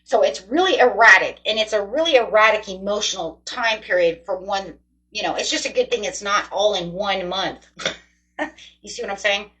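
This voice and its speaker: A woman's voice: medium pitch, expressive, moderate pace, a bit bright, poor audio. A woman giving a casual tarot reading to her viewers, chatty, rambling and encouraging. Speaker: tarot reader.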